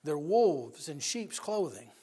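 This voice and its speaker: A man with a fairly high voice preaches a sermon in an emphatic, folksy way. He tells casual stories between scripture points, and his voice climbs to loud, forceful peaks. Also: very animated, slow, slightly rough. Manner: folksy with storytelling asides.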